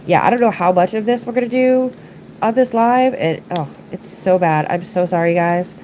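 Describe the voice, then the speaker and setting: A woman's voice: lowish voice, normal speed, a little mellow, slight background noise, rough recording. A congested woman, chatting casually to viewers while she livestreams her nail art from her work desk. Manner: chatty, rambling, talks to viewers and her pets. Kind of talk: casual livestream chat while doing nails.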